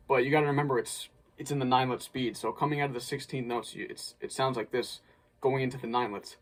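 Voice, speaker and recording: A man's voice: medium pitch, fairly even intonation, brisk. A man casually breaking down a snare drum part as an instructor, thinking aloud with small restarts. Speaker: drumline instructor.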